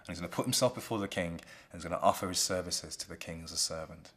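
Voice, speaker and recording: A man with a very low voice retells a classic play in a relaxed, chatty way. He talks like he is explaining the story to a friend. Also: fast. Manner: relaxed, conversational.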